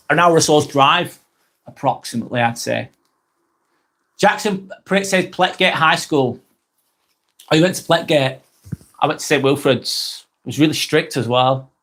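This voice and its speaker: Chatty Lancashire man, slightly high voice. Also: a little slow, pauses often, fairly bright tone. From England. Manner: chatty, friendly, repeats himself, trails off. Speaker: live stream host. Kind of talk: casual live chat reading viewer comments.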